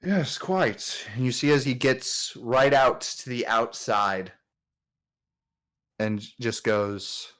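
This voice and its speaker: A man narrating as game master of a tabletop game, in a relaxed, filler-heavy way. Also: medium pitch, slow, clear, resonant tone.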